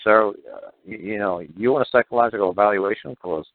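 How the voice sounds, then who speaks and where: A man's voice: lowish voice, normal speed, no echo. Emphatic man on a tinny phone line. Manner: emphatic, repetitive, mocking impressions of officials. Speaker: talk show guest explaining court procedure. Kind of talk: animated phone-in talk.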